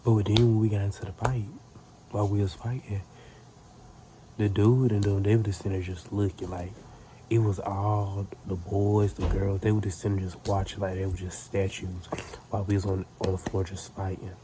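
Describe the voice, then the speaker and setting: A man's voice: fairly low pitch, little pitch movement, normal speed, noisy background. A man telling a casual storytime tale in a profane, rambling way, full of restarts.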